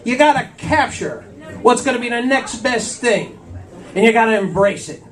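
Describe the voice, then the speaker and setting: A man's voice: very high-pitched, expressive, moderate pace, a bit bright. A man in his fifties doing a stand-up routine on a small cafe stage, forever saying "I'll tell you" between jokes. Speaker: stand-up comedian. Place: small cafe stage before a live audience. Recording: voice from far off in a cafe.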